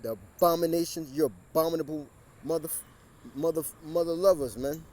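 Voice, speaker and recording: A man reads scripture and preaches outside next to a busy road as cars go by, pushing his voice louder over the traffic. His tone is darkish and fairly high at a normal speed, and his delivery is repetitive with stumbling restarts.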